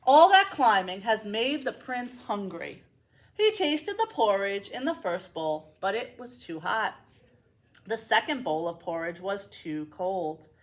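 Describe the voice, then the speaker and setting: A woman librarian reading a children's picture book aloud, expressive and playful, with asides to young listeners. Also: mid-range voice, a little slow. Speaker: school librarian.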